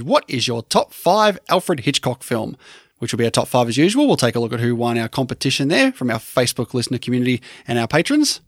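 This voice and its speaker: A man's voice: medium pitch, no echo, clean studio sound. A man co-hosting a film podcast in easygoing casual chat, often laughing while he talks. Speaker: podcast co-host.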